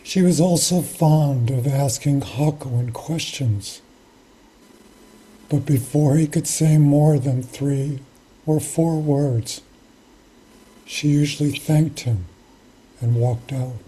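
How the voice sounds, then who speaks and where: A Zen teacher tells a teaching story in a slow, unhurried way. The voice is mellow and soft-edged, and the delivery is measured and reflective, pausing between phrases. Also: medium pitch, breathy edge, low-quality recording. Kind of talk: storytelling sermon.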